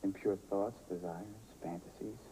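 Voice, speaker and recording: Actor as a gruff, nosy priest. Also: male voice, deep voice, fairly even intonation, normal speed, warm tone, slight background noise, lightly acted, rough recording. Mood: impatient. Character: impatient nosy male priest in confession.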